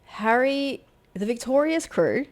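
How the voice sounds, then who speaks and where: A woman's voice: high voice, animated, slow. A woman, a fight promoter co-hosting a podcast, chatting casually in a rambling way, swearing freely and acting out quotes.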